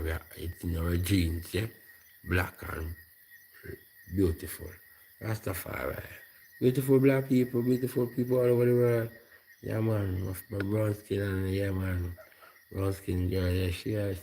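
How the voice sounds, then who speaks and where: Jamaican man, lowish voice, loose rambling vlog talk, faint crickets behind. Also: darkish tone, a little hiss or hum. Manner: loose, repetitive, heavy patois fillers. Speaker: vlogger. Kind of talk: rambling casual monologue.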